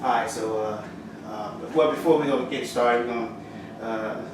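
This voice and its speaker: An Arabic teacher runs a casual alphabet lesson at medium pitch, speaking haltingly with many fillers and pauses while drilling letters slowly and clearly. He sits far from the mic, so his voice echoes in a very roomy space over steady, audible background noise.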